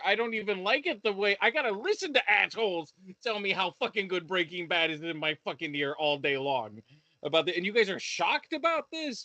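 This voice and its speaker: A podcast co-host reviewing shows rants in casual chat, his high, bright, forceful voice recorded with no room sound. He swears a lot and keeps stopping and restarting.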